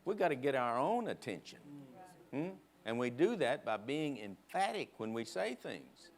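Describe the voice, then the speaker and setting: A man preaching a sermon in a church, emphatic, leading the congregation in call-and-response and prodding them with quick asides. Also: medium pitch, sing-song. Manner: emphatic, prods the crowd with "huh?". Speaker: guest preacher. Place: church sanctuary.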